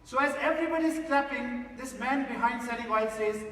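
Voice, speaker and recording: Cast: high-pitched male motivational speaker, emphatic, theatre reverb. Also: a little fast, fairly bright tone, far from the mic, a little hiss or hum. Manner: emphatic, addresses the audience directly. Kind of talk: inspirational stage talk with a story. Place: large theatre stage. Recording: echoey theatre hall from afar.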